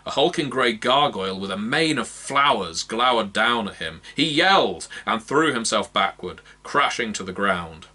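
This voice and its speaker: This is scripted narration: a fairly low-voiced man reads a fantasy novel aloud as an audiobook narrator, keeping his delivery measured and expressive.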